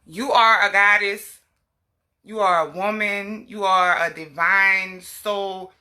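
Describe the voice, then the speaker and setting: Emphatic bright-voiced woman livestreaming. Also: medium pitch, steady tone, slow pace. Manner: emphatic, preachy, scolding asides to a small child. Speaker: health advocate vlogger. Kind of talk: casual livestream talk.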